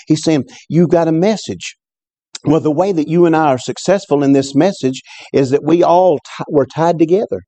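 A man's voice: warm tone, no echo. Fervent male pastor preaching. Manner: fervent, repeats words, rises in pitch on exclamations. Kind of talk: sermon. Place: church service.

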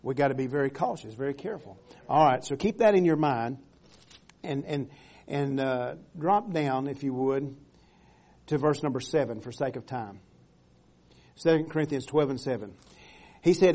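A man preaching from the pulpit in a fairly high, mellow voice. He stretches out emphatic phrases when reading scripture and stumbles through repeated words as he builds toward each point. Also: moderate pace. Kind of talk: sermon.

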